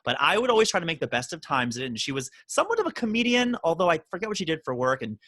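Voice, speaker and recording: A man's voice: fairly high pitch, big pitch swings, fast, bright, forceful tone, no room sound. A man hosting a casual podcast chat, joking and telling stories in a teasing way. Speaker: podcast host.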